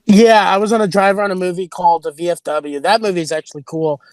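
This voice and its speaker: A man's voice: high voice, fairly even intonation, fast, no echo. A male comedian chatting as a podcast guest, telling rambling stories and acting out what people said. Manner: rambling storyteller, acts out quotes. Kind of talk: casual podcast chat.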